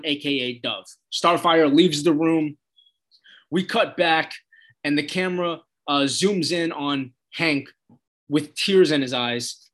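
A man's voice: fairly high pitch, fairly bright tone. A man casually retelling a TV episode, loose and rambling, with lots of fillers and "he's like" quotes. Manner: loose storytelling full of "he's like", swearing and fillers. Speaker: episode recapper.

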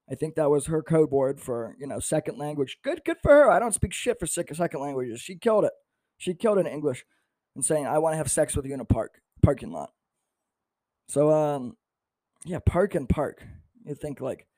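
A man's voice: fairly high pitch, mellow, dry recording, studio quality. A young man hosting a podcast, telling a crude, self-deprecating comedy story in a casual way. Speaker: podcast host.

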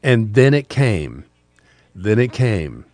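A man's voice: fairly low pitch, big pitch swings, slow pace, darkish tone, no room sound. An older man, a podcast host with a talk radio past, casually telling a rambling story with repeated words.

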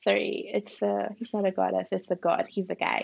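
A woman's voice: mid-range voice, flat delivery, a little fast, gravelly, darkish tone, slightly rough, no echo, muffled recording. A woman hosting a podcast from a room at home, reading aloud and musing in a chatty way with lots of "like" and "you know". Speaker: podcast host. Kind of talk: casual podcast talk mixed with reading aloud.

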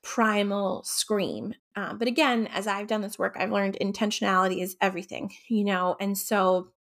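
Woman, solo podcast host and coach, gentle and reflective, mid-range voice, lots of ums. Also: mid-range voice, steady tone, moderate pace. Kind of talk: casual solo podcast talk.

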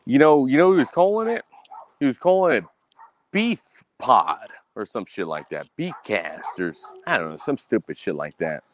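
A man's voice: very animated, moderate pace. Cursing, boastful man on a podcast. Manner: angry, boastful, heavy cursing, repeats himself; mimics others in a high voice. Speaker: podcast host. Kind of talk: profane solo podcast rant.

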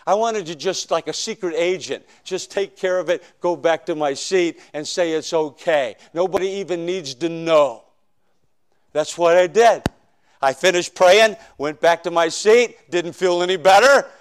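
High-voiced preacher telling his testimony. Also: a little slow, smooth. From northern United States. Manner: storytelling, dramatic swings from loud to hushed. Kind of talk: sermon testimony.

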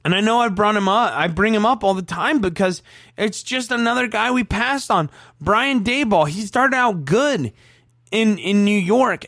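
Male co-host, heated profane rants, a bit high-pitched, dry close sound. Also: fairly bright tone, no echo. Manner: frustrated, profane ranting with repeated stammers. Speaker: sports talk co-host. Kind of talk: heated sports talk.

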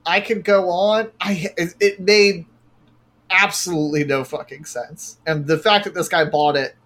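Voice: mid-range voice, moderate pace, fairly bright tone. Profane, exasperated podcast co-host. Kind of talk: casual chat recapping a show.

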